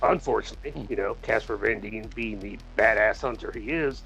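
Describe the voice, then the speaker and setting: A man's voice: on the low side, a little fast, creaky, few pauses, fairly bright tone, slightly rough, faint music behind, poor audio. A man co-hosting a podcast, casually reviewing a movie in a rambling, profane way, laughing often and acting out the characters. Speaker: podcast co-host.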